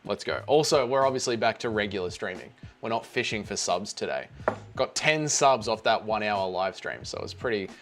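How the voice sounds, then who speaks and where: A man's voice: lowish voice, lively intonation, a little fast, faint music behind. An Australian man chatting casually on a live stream, rambling and greeting viewers by name.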